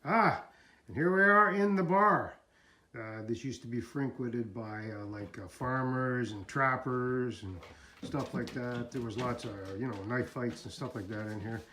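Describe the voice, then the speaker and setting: A man's voice: mid-range voice, unhurried, bright, forceful tone. A man, giving a rambling casual tour of a theater and its bar. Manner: folksy, rambling, with fillers. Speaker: tour guide.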